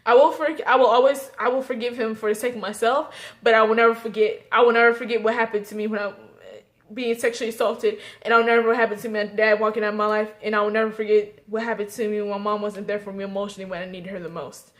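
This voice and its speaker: A young woman vlogging a personal story, emotional and halting, tearful and repeating herself. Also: medium pitch, little pitch movement. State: tearful, crying at times.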